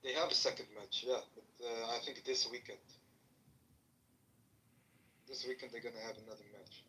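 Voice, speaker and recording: A man from Africa, arguing angrily in profane, halting English in an online audio room. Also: medium pitch, steady tone, sharp tone. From North Africa. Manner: angry, profane, halting non-native English. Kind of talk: heated argument. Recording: echoey room with faint noise.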